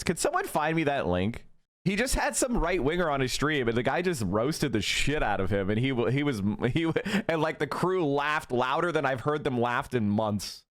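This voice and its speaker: Man, 30s, streamer, live-stream rant, profane, mocking, lively pitch, dry mic. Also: no echo. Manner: profane, ranting and mocking, with mocking put-on voices.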